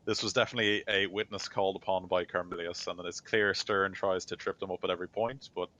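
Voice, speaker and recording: Deep-voiced man narrating a tabletop game. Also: fairly even intonation, fast talker, bright, forceful tone. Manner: rambling, filler-heavy narration. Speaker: game master. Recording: dull lo-fi recording.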